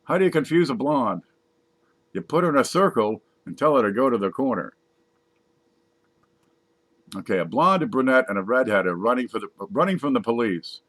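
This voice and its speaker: A man casually reading jokes aloud from a page, putting on higher voices for the punchlines. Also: very animated, normal speed, pauses often, fairly bright tone. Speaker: joke reader.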